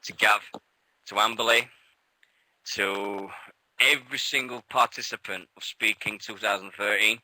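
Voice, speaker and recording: British male co-host, very bright voice, excitable laughing storyteller, dry sound. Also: lowish voice, unhurried, pauses often, dry recording, low-quality recording. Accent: British English. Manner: excitable, laughing storyteller who swears freely. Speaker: radio show co-host. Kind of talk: casual chat.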